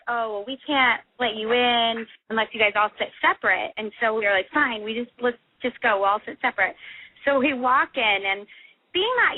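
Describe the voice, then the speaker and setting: A woman's voice: medium pitch, dry recording. A young woman telling a story as a podcast guest, giggling and acting out the voices of the people in it. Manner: giggly, animated, acts out quoted voices. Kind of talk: excited storytelling in a podcast chat. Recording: tinny phone line.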